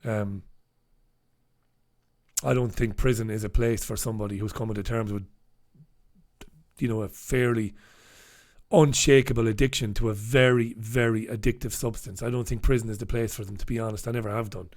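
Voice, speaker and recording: A man's voice: fairly low pitch, fairly even intonation, moderate pace, long pauses, a little mellow. Sardonic man reviewing the papers. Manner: sardonic, swears freely; reads out viewer comments and headlines. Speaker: host reviewing newspapers. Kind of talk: casual live commentary.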